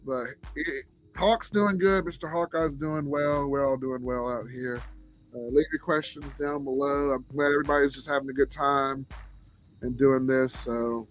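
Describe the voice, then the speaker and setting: A man's voice: mid-range voice, steady tone, moderate pace. A man with a Southern drawl hosting a casual livestream chat, laid-back and chuckling as he greets viewers. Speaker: livestream host. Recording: faint background music.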